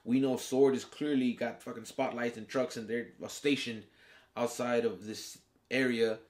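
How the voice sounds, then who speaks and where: A man's voice: medium pitch, fairly even intonation, moderate pace. Male host for a casual episode review, slangy and foul-mouthed, mid-range voice, acts out the characters' reactions.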